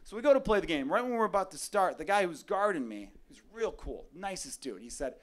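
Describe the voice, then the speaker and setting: A male stand-up comedian works a club crowd, telling profane stories and acting out other people in loud, punchy bursts. His voice sits a bit high for a man. He speaks into a handheld stage mic. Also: a little fast, hardly any pauses. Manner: profane, animated storytelling with loud acted-out quotes.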